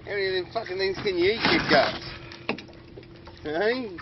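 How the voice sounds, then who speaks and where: A man's voice: sits high, normal speed. An Australian man on a boat on the water, coaxing a dolphin with sing-song calls and chuckles. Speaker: vlogger feeding a dolphin. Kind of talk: casual talk to an animal. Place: outdoors on a small boat on the water. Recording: dull lo-fi outdoor recording with boat and water noise.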